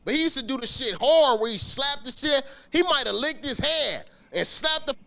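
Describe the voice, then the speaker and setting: A man telling a story about his school days in a casual, slangy, animated way, swearing often and acting out the scenes. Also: extremely high pitch, moderate pace, vocal fry, a loud crowd. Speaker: podcast guest telling a story.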